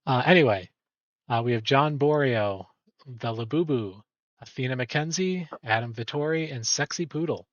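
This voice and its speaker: A man's voice: medium pitch, moderate pace, no room sound. Man host for a league awards stream, rambling and chatty, slightly muffled dry audio. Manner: rambling, self-correcting, chatty. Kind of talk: casual awards commentary.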